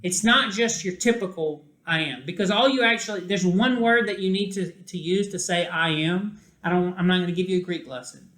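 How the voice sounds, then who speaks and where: Male teacher, high bright voice, slow deliberate classroom lecture, echoey room. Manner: deliberate, stretches key words for emphasis.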